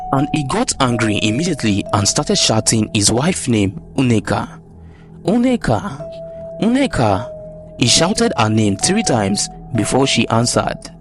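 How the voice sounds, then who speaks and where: A man narrating a folktale as storyteller. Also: medium pitch. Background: background music.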